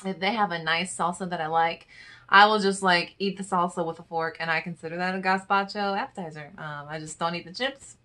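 A woman's voice: on the low side, fairly even intonation, fairly quick, sharp tone. A woman vlogger chatting casually and playfully as she reads wine charts aloud, with muttered asides. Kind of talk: casual chat reading infographics aloud.

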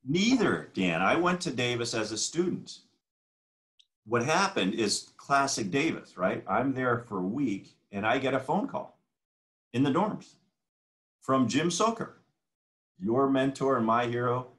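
A man in his sixties, a guest in a casual interview, telling animated stories and acting out the dialogue. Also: medium pitch, a little slow. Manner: animated anecdotal storyteller who acts out quoted dialogue.

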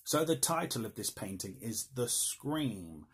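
A man's voice: mid-range voice, very animated, unhurried, slightly rough. A man giving a casual, jokey online art history lecture, chatting and laughing at his own asides.

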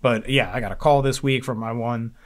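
A man's voice: mid-range voice, fairly even intonation, brisk. A man on a recovery podcast, telling a long story in casual chat, rambling and swearing often, with many fillers and restarts.

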